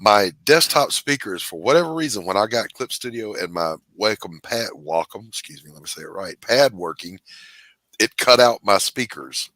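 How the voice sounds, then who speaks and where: A man's voice: on the low side, lively intonation, moderate pace, sharp tone, dry recording, rough recording. A man in his sixties co-hosting a live stream, joking and reading viewer comments aloud. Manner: reads chat comments aloud, joking and rambling. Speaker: podcast co-host. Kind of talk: casual live-stream chat. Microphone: headphones and desk mic.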